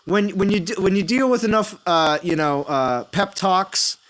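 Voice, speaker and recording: A man's voice: high voice, normal speed, a bit bright. A man hosting a gaming stream, talking loosely with friends and reading chat, full of fillers and restarts. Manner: rambling, lots of fillers and restarts. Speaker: streamer and host.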